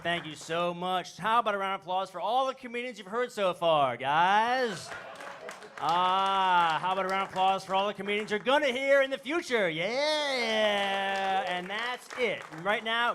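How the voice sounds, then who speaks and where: A man doing a stand-up comedy set on a club stage, rambling and self-deprecating, now and then shouting in goofy character voices. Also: high voice, a little hiss or hum.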